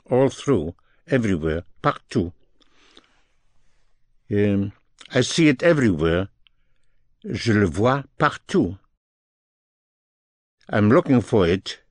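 A man teaching French phrases, explaining each one slowly and repeating it in both languages. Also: fairly low pitch, big pitch swings, no echo, studio quality. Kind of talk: slow, deliberate language lesson.

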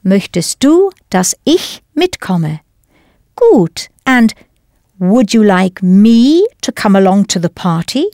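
A woman's voice: mid-range voice, sing-song, slow pace, warm tone, no echo, studio quality. A woman teaching a scripted language lesson, enunciating carefully and prompting the listener with questions.

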